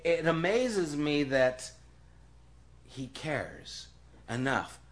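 A male pastor delivering a sermon in an emphatic voice that sits at an ordinary middle pitch. He repeats his key phrases and often sinks into a hushed, almost whispered voice. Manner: drops to a hushed, near-whispered voice.

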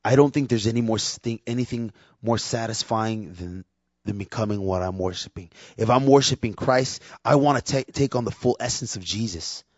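A man with a fairly low voice delivers a sermon in a candid, conversational way, often acting out what people say. The recording is dull and lo-fi, with a close, dry sound and no room echo. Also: moderate pace. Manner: conversational, candid, acts out quotes in lively voices. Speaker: preacher and worship leader.

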